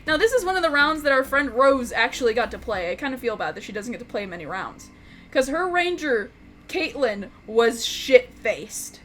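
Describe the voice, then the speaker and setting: A woman's voice: fairly high pitch, sing-song, normal speed, fairly bright tone, a little hiss or hum. A woman telling an unscripted tabletop game story, rambling, swearing and laughing. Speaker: YouTube storyteller, game master.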